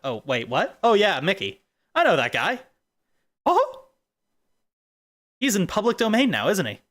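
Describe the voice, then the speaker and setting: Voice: mid-range voice, sing-song, a little fast, fairly bright tone. A streamer in casual chat, rambling off into silly tangents.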